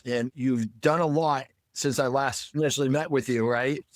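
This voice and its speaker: Upbeat Boston-accented podcast host. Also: male voice, medium pitch, steady tone, moderate pace, dry recording, studio quality. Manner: chummy, enthusiastic, self-deprecating. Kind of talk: casual podcast chat.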